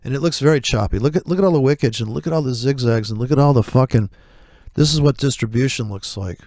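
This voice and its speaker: A man's voice: mid-range voice, fast, darkish tone, no room sound, clean studio sound. A man giving blunt, profane commentary on his live trades, rambling through asides.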